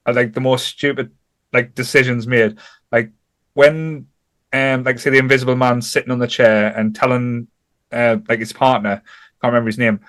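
A man's voice: mid-range voice, level tone, normal speed, a bit bright. A man co-hosting a casual film chat, rambling through scene recaps. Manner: rambling, recounts scenes with acted quotes. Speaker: podcast co-host.

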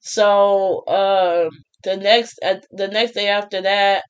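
A woman's voice: mid-range voice, steady tone, takes it slowly, clean tone. A young woman tells a personal story in a casual storytime. She talks chattily, restarting her sentences and breaking into laughs often. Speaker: vlogger.

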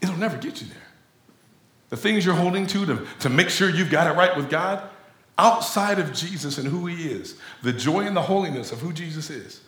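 Male pastor, lively chatty sermon delivery, roomy echoing hall, speaks to the congregation directly. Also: on the high side, fairly quick. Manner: animated conversational preaching, addresses crowd as y'all.

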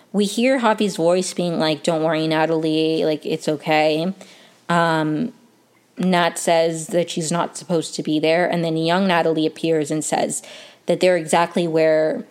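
Chatty woman with a lowish voice. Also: a little mellow. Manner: chatty, many fillers like "um" and "like". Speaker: TV recap vlogger. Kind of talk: casual episode recap.

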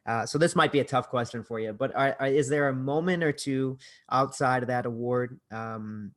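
A man's voice: mid-range voice, normal speed, a bit bright. A man hosting a podcast, asking loose, friendly interview questions in a casual chat. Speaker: podcast host.

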